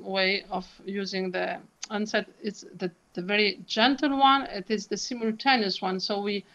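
A woman's voice: fairly high pitch, fairly bright tone, lo-fi sound. A woman, a soprano and vocal coach, talking expressively in an interview and demonstrating sounds. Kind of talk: animated interview chat.

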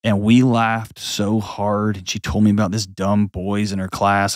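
A man's voice: lowish voice, a little slow, hardly any pauses, no room sound, clean studio sound. A man hosting an advice show, talking bluntly and animatedly, slipping into mocking voices. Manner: blunt, animated, mimics voices mid-sentence. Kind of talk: casual advice talk.

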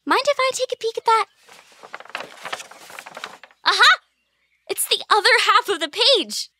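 A woman's voice: very high voice, lively intonation, pushed and bright, slight background noise, heavily acted. A woman voicing Molly, a clever girl adventurer in a children's audio drama. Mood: curious. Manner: quick-witted, problem-solving.

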